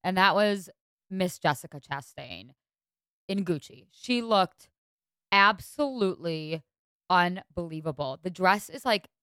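A young woman hosts a podcast with a smooth, clear voice, recorded close and dry with no room around her. She talks in a lively, exasperated way that tips into gushing, swinging between mock outrage and fond praise. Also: fairly low pitch, a little slow, dry recording. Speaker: podcast host. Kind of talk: casual fashion commentary.

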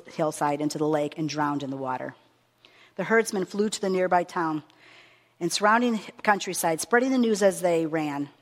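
Earnest woman preaching in a reverberant hall. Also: on the low side. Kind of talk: sermon with a long scripture reading.

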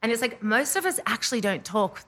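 A young Australian woman chatting casually, gushing and giggly, with lots of "like" and quick laughs. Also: on the high side, big pitch swings, a bit bright. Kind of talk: casual chat.

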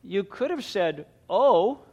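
A man's voice: high-pitched, very animated, slow, darkish tone, slightly rough, voice pushed up, full character voice. A man voicing a tearful five-year-old girl.

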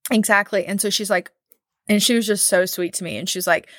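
A woman's voice: medium pitch, steady tone, brisk, fairly bright tone, no room sound, studio quality. A woman in her thirties chatting casually on a podcast, telling a long story with lots of "like" and acting out what others said. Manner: chatty storytelling, many "like"s, acts out quotes. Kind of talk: casual chat.

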